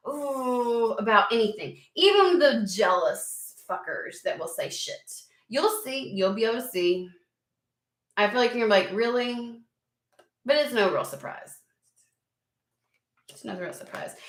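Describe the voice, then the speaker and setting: A woman giving a casual, animated tarot reading to her viewers, swearing freely as she talks through the cards. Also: mid-range voice. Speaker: tarot reader. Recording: roomy echo.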